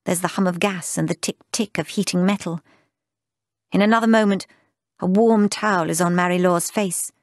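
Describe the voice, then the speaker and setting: A woman narrating a literary audiobook in a measured, lyrical, unhurried way. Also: fairly low pitch, steady tone, no echo, clean studio sound.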